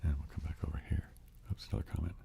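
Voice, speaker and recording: Very deep gravelly man chatting. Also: rapid-fire, mellow. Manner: chatty, thanks viewers by name. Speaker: live stream host. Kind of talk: casual live-stream chat with ASMR sounds.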